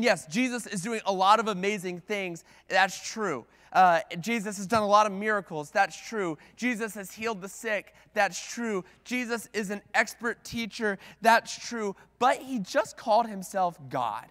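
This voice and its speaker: High-voiced man preaching in a reverberant church. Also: fairly bright tone. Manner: conversational, with many "like"s and restarts. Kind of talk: sermon. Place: church sanctuary at the pulpit. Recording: long reverb of a church hall.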